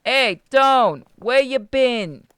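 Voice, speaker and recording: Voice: sits high, expressive, extremely slow, dry recording, pitched above the performer's own voice, exaggerated voice. A streamer voicing a brash, rude mob-style boss man with a Brooklyn accent, read from a visual novel. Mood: gruff, menacing. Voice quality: loud, rough, rude.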